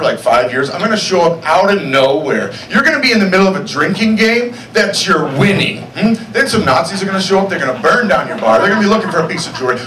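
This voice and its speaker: A young man performing a stand-up comedy set on a club stage, with deadpan asides and checks on the crowd. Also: high voice. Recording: echoey club sound from far off. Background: audience noise.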